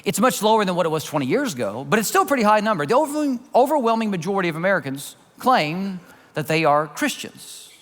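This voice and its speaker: Pastor, male, high and lively voice, conversational sermon, reverberant church hall. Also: quick pace. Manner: conversational, animated storytelling. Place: church sanctuary.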